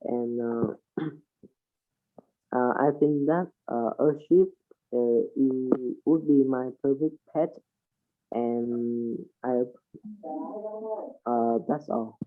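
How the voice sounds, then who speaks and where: A man answering a speaking test question for his English class, hesitant and full of pauses. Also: medium pitch, phone-quality sound, faint music behind. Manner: hesitant, many pauses and uh fillers. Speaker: student.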